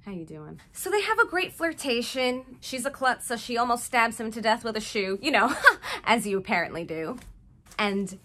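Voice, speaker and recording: Chatty, animated woman recapping a movie. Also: a little high, normal speed. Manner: chatty, jokey asides.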